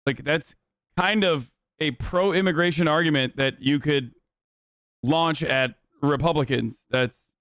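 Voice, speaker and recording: A man's voice: a little high, unhurried, a bit bright, dry recording, studio quality. A man streaming live on a desk microphone, reacting to a video with blunt, profane, exasperated commentary.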